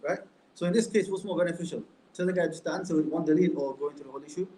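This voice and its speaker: A man's voice: a little high, rapid-fire, warm tone, slight background noise. A man giving a conversational classroom lecture on a book as an Islamic studies teacher, asking his class many rhetorical questions. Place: indoor classroom. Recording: roomy echo, faint room ambience.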